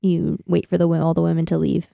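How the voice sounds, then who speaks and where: A woman's voice: on the low side, little pitch movement, fast talker, gravelly, warm tone, dry recording, dull audio. A woman co-hosting a casual podcast, recapping scenes and laughing often. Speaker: podcast co-host. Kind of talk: casual chat.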